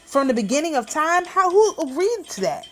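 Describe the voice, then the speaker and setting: A woman's voice: high voice, very animated, normal speed, a bit bright, a little hiss or hum. A woman hosting her own channel, talking in a casual, emphatic and indignant way. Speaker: channel host. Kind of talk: casual vlog commentary.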